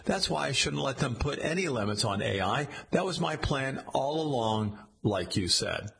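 A man's voice: medium pitch, animated, normal speed, gravelly, fairly bright tone. A man reading a satirical story, voicing a vain, boastful male president who talks bluntly.

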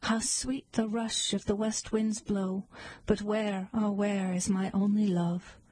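A woman reading poems aloud in a slow, measured, lilting recitation. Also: mid-range voice, little pitch movement, darkish tone, breathy edge, dry recording, poor audio. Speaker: poetry reader.

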